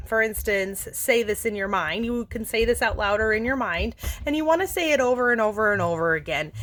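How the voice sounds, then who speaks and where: A woman vlogger talking gently and earnestly to camera, walking through a forgiveness practice with many fillers and restarts. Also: medium pitch. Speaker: self-help vlogger. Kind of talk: casual instructional talk to camera.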